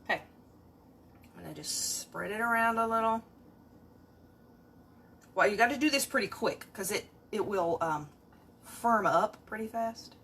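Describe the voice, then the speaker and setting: A woman's voice: mid-range voice, measured pace, pauses often, fairly bright tone, slight background noise. A woman, chatting to viewers through a casual cook-along at home. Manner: chatty, talks to viewers while working. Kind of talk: casual cooking livestream. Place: home kitchen. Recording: kitchen with clattering dishes and utensils.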